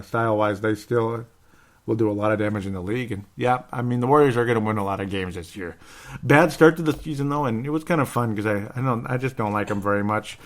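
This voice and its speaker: A man hosting a live sports podcast, talking casually and at length, repeating himself and tagging lines with "okay?". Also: mid-range voice. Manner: talkative, repeats himself, frequent "okay?" asides. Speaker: podcast host.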